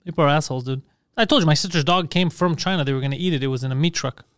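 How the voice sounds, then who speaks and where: A man co-hosting a comedy podcast, cracking quick jokes and drifting into long musing tangents. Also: on the high side, smooth, no echo, clean studio sound. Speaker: podcast co-host. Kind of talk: casual comedic chat.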